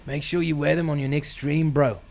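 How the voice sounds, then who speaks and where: A man putting on the voice of a moody young male tennis star, talking low and sullen. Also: flat delivery, fairly quick, a little mellow, slight background noise, close to an everyday voice. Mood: earnest.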